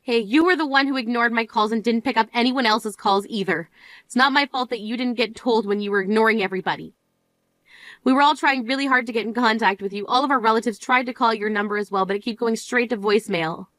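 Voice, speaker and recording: Actress as a grieving sister, high voice, exasperated and scolding, dry close sound. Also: female voice, quick pace, fairly bright tone, no room sound, lightly acted. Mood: reproachful. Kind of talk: dramatized story voice acting.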